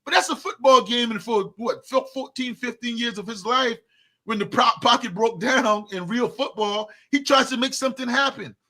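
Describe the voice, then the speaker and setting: Emphatic high-voiced man talking sports. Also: normal speed, pushed and bright. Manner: emphatic, repeats words when fired up. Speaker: sports talk co-host. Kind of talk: casual sports debate.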